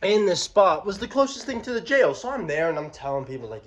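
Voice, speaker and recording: A man's voice: sits high, a little fast, hardly any pauses. A young man telling a personal story in a casual, slangy, profane way. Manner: slangy, profane, animated retelling. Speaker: vlogger.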